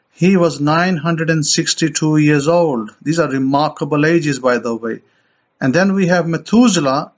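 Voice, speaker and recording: A man preaching an informal sermon in a conversational way, often repeating and restarting his phrases. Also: a little high. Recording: dull lo-fi recording.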